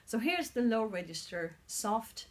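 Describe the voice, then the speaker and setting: Her voice is a little high, sing-song and unhurried. She's a Swedish singer in her forties, speaking with a Swedish accent in a casual phone-recorded vlog about her vocal training, earnestly explaining her progress and at times hunting for words.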